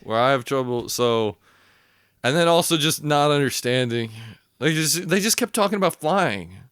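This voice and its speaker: A man's voice: on the high side, lively intonation, moderate pace, a bit bright, clean tone, dry recording, clean studio sound. A man co-hosting a podcast, talking casually about a movie with blunt, sarcastic remarks. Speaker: podcast co-host. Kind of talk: casual movie review chat.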